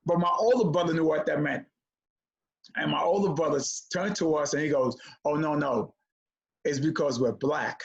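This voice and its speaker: A man telling a childhood story in a conversation, animated as he acts out the voices of the people in it. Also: on the high side, moderate pace, gravelly. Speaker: comedian guest. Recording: dull lo-fi audio.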